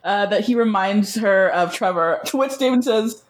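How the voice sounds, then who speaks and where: A woman's voice: mid-range voice, normal speed, a little hiss or hum. A woman co-hosting a podcast, chatting playfully and laughing while recapping a show. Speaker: podcast co-host. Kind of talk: casual TV recap chat.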